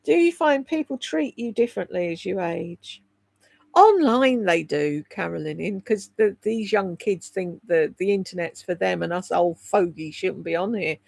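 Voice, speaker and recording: A woman's voice: fairly low pitch, moderate pace, gravelly, darkish tone, dry recording. A woman in her sixties chatting from home on a livestream, swearing freely, laughing often and rambling candidly. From United Kingdom. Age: 60s. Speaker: livestream host reading chat. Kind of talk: casual chat on a livestream.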